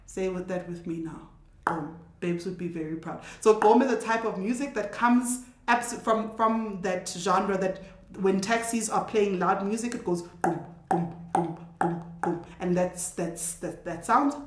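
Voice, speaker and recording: Woman teacher, casual lesson, models sounds slowly and patiently; mid-pitched, roomy echo. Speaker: language teacher. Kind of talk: casual spoken language lesson.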